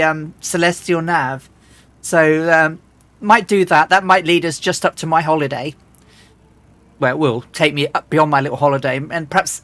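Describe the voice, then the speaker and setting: A woman streamer chatting casually and rambling as she flies a simulator, often restarting and clearing her throat. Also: low voice, a bit bright, no echo. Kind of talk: casual live-stream chat while flying a flight simulator.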